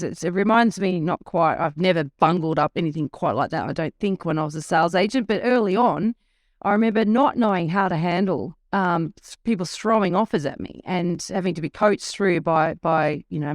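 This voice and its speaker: A woman's voice: fairly low pitch, no echo, clean studio sound. A woman hosting a podcast, talking in a reflective, chatty way. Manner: reflective, chatty, laughs easily. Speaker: podcast host. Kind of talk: podcast conversation.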